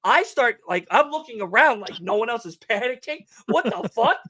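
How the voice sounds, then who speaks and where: A young man co-hosting a livestream, telling a story in animated casual chat and swearing often. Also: very high voice, moderate pace. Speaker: livestream co-host.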